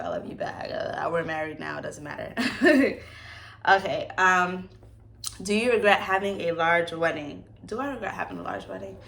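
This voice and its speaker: Bright-voiced young woman telling stories. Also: on the low side, creaky. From United States. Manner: animated, acts out quoted voices, laughs often. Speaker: vlogger. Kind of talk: casual storytelling Q&A vlog.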